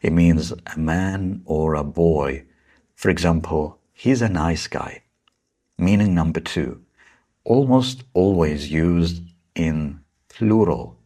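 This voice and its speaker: Slow, husky-voiced man teaching English. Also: sits low, mellow. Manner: slow, patient explaining with stressed key words. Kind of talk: vocabulary lesson.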